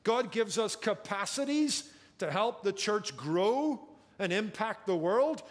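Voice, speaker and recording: A man's voice: sits high, lively intonation, slow. A man preaching a sermon as pastor, emphatic and drawing out key words for effect, recorded in a church sanctuary. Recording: church hall with long reverb.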